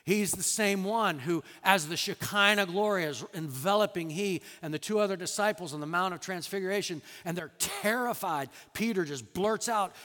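A man preaching a sermon as a pastor, animated, acting out quoted lines with sudden loud bursts and soft drops. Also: high voice, normal speed, few pauses, in a large hall.

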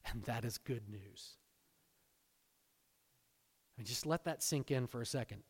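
A man preaching a sermon, swinging between hushed, intense lines and loud, exultant emphasis. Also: mid-range voice, a little slow, slightly rough. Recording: long hall reverb.

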